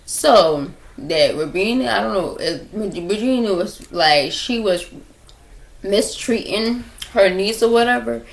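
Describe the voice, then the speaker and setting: A woman's voice: mid-range voice, expressive, slow, gravelly. A young woman telling a rambling story to her viewers in a casual chat, repeating herself and talking straight to them, recorded on a laptop at home. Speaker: vlogger telling stories.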